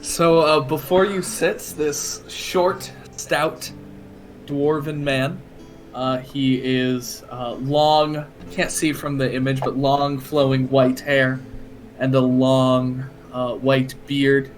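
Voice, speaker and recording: A man describing his tabletop character slowly, with many hesitations. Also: medium pitch, flat delivery, faint music behind. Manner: slow and hesitant, many uhs. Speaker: player.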